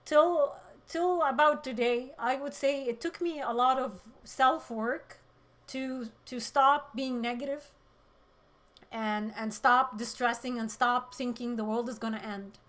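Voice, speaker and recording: A woman hosting a political livestream, reading chat comments and speaking with emotion, close to tears, shifting between loud outbursts and quiet moments. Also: fairly high pitch, fairly even intonation, measured pace. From Middle East.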